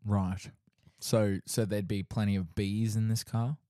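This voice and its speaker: A man co-hosting a casual podcast, teasing his partner with deadpan interjections. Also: lowish voice, measured pace, dry recording, studio quality. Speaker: podcast co-host.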